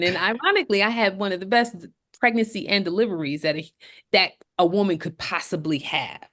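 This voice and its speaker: A lively, brisk woman, co-hosting a podcast, tells a personal story in a casual storytelling chat. She is animated, acting out quoted voices with big jumps in pitch.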